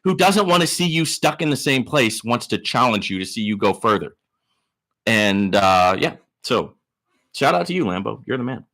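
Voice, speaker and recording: Man, live stream host, hyped shout-outs, bright forceful voice, swooping lively pitch. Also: normal speed. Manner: boastful, teasing. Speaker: livestream host. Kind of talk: live Q&A stream, reading chat.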